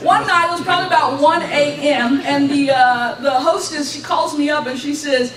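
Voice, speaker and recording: High-voiced woman telling a testimony. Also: normal speed, few pauses. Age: young adult. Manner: animated storyteller, acts out quoted voices, laughs between lines. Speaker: graduate giving a testimony. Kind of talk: church testimony storytelling. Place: church hall. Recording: echoey hall, distant mic, faint hiss.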